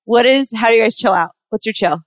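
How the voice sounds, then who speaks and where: A woman's voice: a little high, fast talker. A woman interviewer, asking questions and chiming in eagerly. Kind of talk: casual interview chat.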